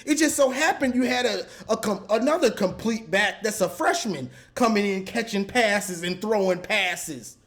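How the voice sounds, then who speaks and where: High-voiced man ranting about football. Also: moderate pace, few pauses. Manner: exasperated, repetitive, animated with laughs. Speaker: sports commentator. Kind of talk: ranting fan commentary.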